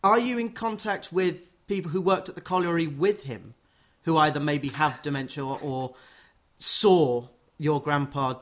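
Higher-pitched male radio host. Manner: chatty, quick interjections. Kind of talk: casual radio interview.

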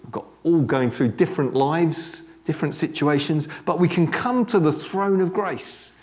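A man preaching a sermon in a conversational, animated way, dropping joking asides to a congregation that answers back. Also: on the high side, normal speed. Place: church service with congregation responding.

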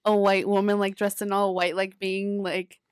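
A woman in casual conversation, making quick, wry comments. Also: medium pitch, level tone, smooth, dry recording, clean studio sound. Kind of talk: casual chat.

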